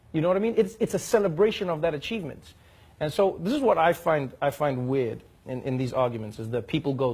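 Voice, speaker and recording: A South African man hosting a talk show, delivering a comic monologue with animated storytelling and mock outrage. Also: on the high side, fast talker, slightly rough.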